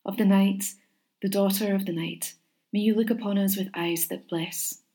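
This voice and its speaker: A woman's voice: medium pitch, fairly even intonation, normal speed, mellow, lightly acted. Storybook Valkyrie, proud and grave, declaiming solemnly; a woman puts her on. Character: proud, stern young woman, a waking Valkyrie.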